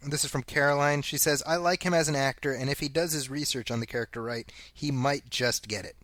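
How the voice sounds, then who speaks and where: Podcast co-host, male, bright forceful tone, dry close mic, chatty and quick to laugh. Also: mid-range voice, steady tone, dry recording. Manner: reads listener quotes aloud, laughs often. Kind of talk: casual chat.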